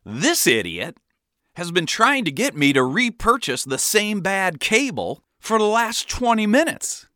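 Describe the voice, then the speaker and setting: A man's voice: sits high, sing-song, measured pace, pushed and bright, no echo, studio quality, voice pushed up, full character voice. A man voicing a frustrated, impatient male customer who snaps in exasperation. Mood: exasperated. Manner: exasperated, snapping.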